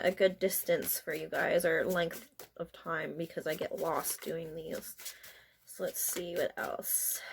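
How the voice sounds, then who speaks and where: A woman's voice: medium pitch, slight background noise. Woman tarot reader, casual and chatty, emotional, laughs often, talks straight to her viewers. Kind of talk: casual spiritual card reading.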